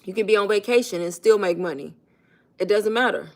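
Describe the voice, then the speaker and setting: A woman's voice: mid-range voice, brisk. A chatty woman talks straight to her viewers on a livestream she runs from her phone. Her speech is loose and informal, and she keeps calling them "y'all" as she coaches them. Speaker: online business coach. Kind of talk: casual livestream talk to viewers.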